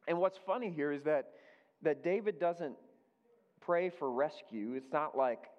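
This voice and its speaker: A man's voice: a little high, unhurried. A man pastor giving a conversational sermon, repeating his key phrases for emphasis. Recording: dull lo-fi sound with long hall reverb.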